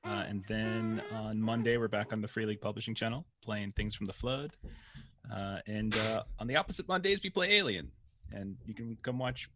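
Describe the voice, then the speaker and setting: A man's voice: lowish voice, normal speed. A man who streams games, talking in a matter-of-fact way over a noisy recording. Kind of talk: casual chat. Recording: noisy mic line.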